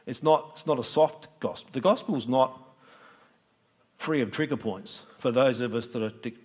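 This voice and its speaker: Brief: middle-aged male pastor, chatty sermon delivery, animated with acted-out exchanges. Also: mid-range voice, normal speed. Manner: animated, acts out little dialogues, conversational preaching.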